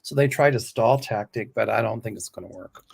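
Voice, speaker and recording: A man's voice: on the low side, brisk, creaky, a little mellow, husky. A man from the American South talking in a casual political chat, opinionated and chatty, thinking aloud.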